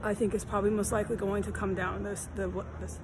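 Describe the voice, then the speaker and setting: A woman's voice: mid-range voice, flat delivery, quick pace, noisy background. A woman filming herself outdoors on a city street, talking in a rambling, aggrieved, repetitive way while hot and tired. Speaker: vlogger. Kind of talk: rambling walk-and-talk vlog.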